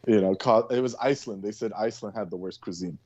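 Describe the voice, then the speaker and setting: A man's voice: lowish voice, quick pace, a little mellow, dull audio. A man co-hosting a casual chat, rambling and profane, full of fillers. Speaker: co-host.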